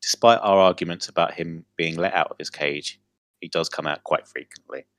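A man's voice: sits low, fairly even intonation, normal speed, dry recording. A young man co-hosting a podcast, reading a funny news story aloud in casual chat and often breaking into laughter. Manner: giggly, breaks into loud laughter while reading. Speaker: podcast co-host.

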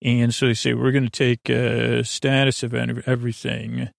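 A man with a gravelly, creaky voice talks through a sleepy, rambling recap in an even, almost monotone way. He is soft-spoken and meanders, with plenty of ums and stray asides. The sound is close and dry, with no room around it. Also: mid-range voice, normal speed, dry recording. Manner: meandering, soft-spoken, full of filler words. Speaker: sleep podcast host.

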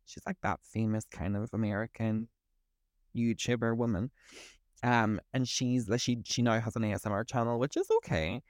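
A man's voice: mid-range voice, steady tone, moderate pace, dry recording, clean studio sound. Blunt, chatty British podcast guy. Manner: chatty and blunt, swears freely. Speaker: podcast co-host. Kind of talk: casual chat.

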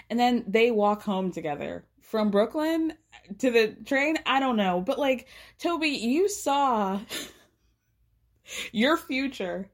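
Female podcast host, fairly high voice, swears freely, laughs through her rants. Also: slow. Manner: profane, animated, laughing often. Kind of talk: casual TV recap chat.

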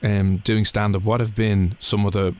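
A man's voice: lowish voice, flat delivery, normal speed, a little mellow. A man hosting an interview, chatty and prompting his guest with questions and fillers. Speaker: podcast host interviewer. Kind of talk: casual chat interview.

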